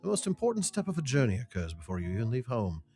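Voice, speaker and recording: A man's voice: medium pitch, wildly swooping pitch, quick pace, mellow, soft background music. A man reading a blunt, loyal warrior's quest lines in a formal, solemn way. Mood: earnest.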